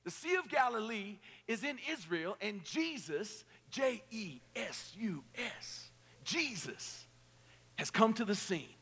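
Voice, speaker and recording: A male pastor with a very high, bright, ringing voice preaches to a youth camp crowd. He jokes around and leads the room in call-and-response. The sound carries a long hall echo. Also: very animated, takes it slowly, slightly rough. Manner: playful, joking, rallying the crowd. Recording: echoey hall.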